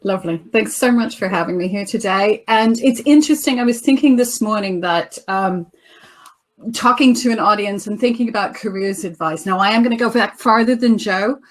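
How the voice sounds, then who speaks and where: A woman in her fifties, from the United States with an American accent softened by decades in Britain, giving a conference talk over a video call with chatty, self-deprecating storytelling. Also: medium pitch, normal speed. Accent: American with a British tinge. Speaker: panel speaker. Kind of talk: conference talk, personal anecdote.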